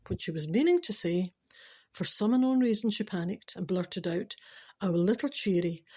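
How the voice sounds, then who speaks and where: A woman's voice: mid-range voice, a little fast, warm tone, breathy edge. A Scottish woman hosting a podcast, telling funny everyday stories in a chatty way and often laughing at her own tales. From Scotland. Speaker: podcast host. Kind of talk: chatty comic storytelling monologue.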